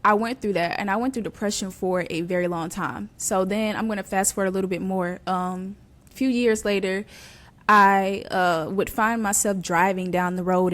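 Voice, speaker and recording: A young woman hosting a podcast, telling her personal faith testimony in an earnest, conversational way with plenty of casual fillers. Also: mid-range voice. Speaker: podcast host.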